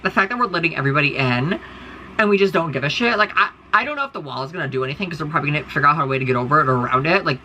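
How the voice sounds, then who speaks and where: Fast, bright-voiced ranting woman. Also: low voice, a little hiss or hum, rough recording. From United States. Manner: blunt, profane, rambling with many fillers. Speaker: content creator. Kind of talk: casual ranting monologue to followers.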